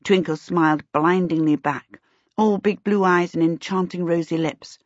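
Steady and measured, a woman narrates a story from a script as an audiobook reader, her voice low and husky. The audio is dry, lo-fi, and dull, with no room sound at all.

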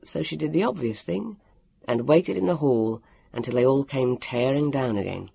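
Gravelly male storybook narrator. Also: medium pitch, moderate pace, no echo. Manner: lively, expressive reading with acted voices. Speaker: audiobook narrator.

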